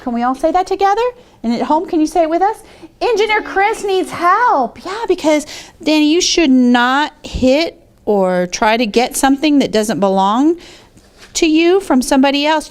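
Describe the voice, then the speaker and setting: A woman with a high voice leads a children's TV show. She talks in a coaxing, teacherly way, asking the kids questions as she goes. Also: expressive, normal speed, darkish tone.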